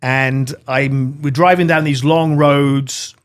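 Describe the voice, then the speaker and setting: A man's voice: medium pitch, takes it slowly. A middle-aged man from Britain tells his own story as an interview guest. He speaks earnestly, with a mid-range voice, and brings it alive by acting out the people in it. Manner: earnest, animated, acts out dialogue.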